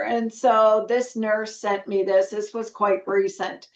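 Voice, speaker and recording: Slow-spoken reflective nurse educator woman. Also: mid-range voice, steady tone. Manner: earnest, reflective, with many fillers. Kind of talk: conversational storytelling interview. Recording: dull, echoey room sound.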